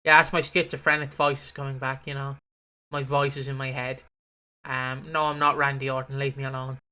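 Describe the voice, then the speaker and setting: A man's voice: mid-range voice, little pitch movement, normal speed, sharp tone, clean tone. A man co-hosting a podcast in casual chat, rambling and swearing freely. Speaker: podcast co-host.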